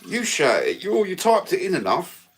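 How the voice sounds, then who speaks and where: A man's voice: sits high, huge pitch swings, moderate pace, slight background noise. A man with a London accent chatting casually with live viewers on his phone, blunt and sweary, full of banter. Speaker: livestream host.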